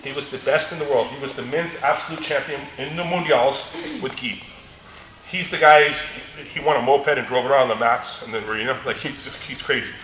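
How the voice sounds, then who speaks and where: A man's voice: mid-range voice, brisk, fairly bright tone. Joking middle-aged male grappling instructor. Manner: joking storyteller, laughs often, demonstrates moves. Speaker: martial arts seminar instructor. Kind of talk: live teaching seminar with anecdotes. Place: large echoey training gym. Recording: echoey gym with faint ambience.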